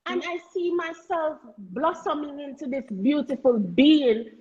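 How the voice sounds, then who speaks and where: High-voiced Jamaican woman, earnest and emphatic. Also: lively intonation, a little slow, darkish tone, highs cut off. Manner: earnest, emphatic, stumbles and repeats words. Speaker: guest. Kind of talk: candid conversational talk.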